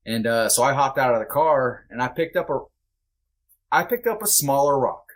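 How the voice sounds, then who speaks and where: A man's voice: medium pitch, big pitch swings, moderate pace. A man guest on a podcast, candidly telling a personal story in a loose, conversational way, blunt and sometimes swearing. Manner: loose and conversational, with many fillers.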